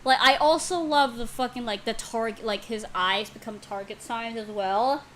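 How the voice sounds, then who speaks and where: Young woman, excitable reaction host; bright, higher-pitched, unhurried delivery with lots of swearing. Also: slight background noise, poor audio. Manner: excitable, swears a lot, gasps and exclaims. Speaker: YouTuber reacting to a comic dub. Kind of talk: casual reaction commentary.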